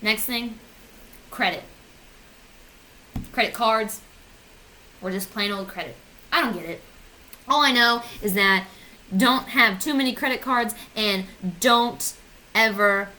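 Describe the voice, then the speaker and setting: A woman's voice: fairly high pitch, bright, forceful tone, low-quality recording. A woman in her twenties ranting sarcastically on her vlog, swearing and mocking herself. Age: 20s. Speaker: vlogger. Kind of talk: casual comedic rant.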